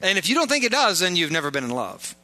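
A man's voice: high-pitched, big pitch swings, fast, bright, forceful tone. A man preaching a sermon as pastor, joking and informal in asides, pressing his points with emphatic repetition.

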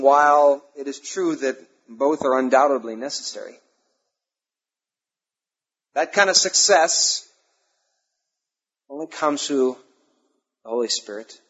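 A male pastor preaching a sermon, emphatic, repeating key phrases and pausing between them. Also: a little high, a bit bright. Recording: dull lo-fi sermon recording.

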